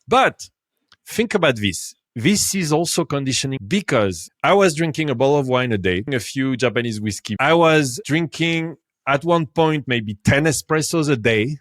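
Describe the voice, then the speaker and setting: This Frenchman in his fifties is a guest on a podcast, animatedly recounting a story in a mid-range voice at a normal pace. He laughs often, and his excitement makes him swing sharply between loud and quiet. The recording is dry and close, with no echo or room sound.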